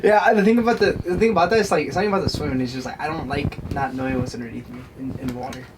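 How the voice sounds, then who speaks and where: A young man co-hosting a podcast in casual chat, animated and rambling with lots of fillers. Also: a little high, racing. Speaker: podcast co-host. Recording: distant mic with faint noise.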